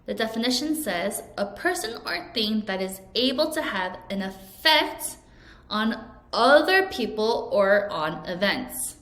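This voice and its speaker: Slow, clear woman teaching vocabulary. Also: medium pitch, sing-song, a bit bright. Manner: slow, clear, over-enunciated teaching delivery with repeat-after-me prompts. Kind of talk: recorded vocabulary lesson for children. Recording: echoey room.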